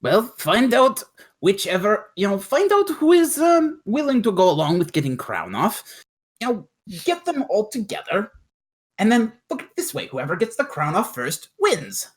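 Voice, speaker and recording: Man, tabletop player in character, lively pitch, deliberate reasoning. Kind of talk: in-character role-play.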